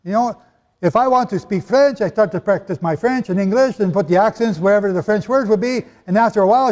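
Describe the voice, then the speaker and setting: Male preacher, high pitch, animated conversational sermon, long hall reverb. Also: a little fast. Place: hall with a live audience.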